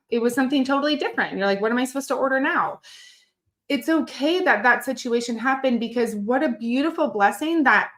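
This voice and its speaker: A woman's voice: on the high side, a bit bright, echoey room. A young woman nutrition coach teaching a live online masterclass, upbeat and encouraging, often checking in with her listeners.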